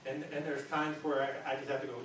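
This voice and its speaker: A man's voice: medium pitch, level tone, fast talker, fairly bright tone. A male pastor preaching a sermon in a conversational way, often stumbling and repeating words as he restarts sentences. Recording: very echoey hall, distant mic, faint noise.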